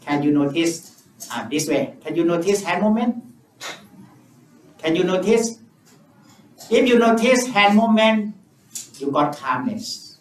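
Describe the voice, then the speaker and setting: A man with an Indonesian accent, a Buddhist monk guiding a meditation session in simple, repetitive English with long pauses. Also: high voice, fairly bright tone. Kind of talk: guided meditation teaching. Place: temple or meditation hall. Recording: roomy, distant mic with faint ambience.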